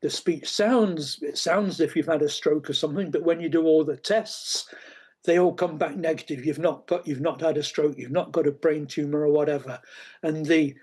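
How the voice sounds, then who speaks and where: A man's voice: fairly high pitch, steady tone, a little mellow, slightly rough. A man, a guest expert, giving explanatory interview answers with frequent fillers and restarts. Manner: halting, many fillers and restarts.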